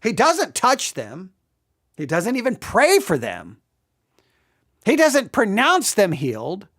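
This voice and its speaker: A Bible teacher works through an exegetical study in a mid-range voice, taking it slowly. He is animated, acting out quoted lines and often restarting his sentences.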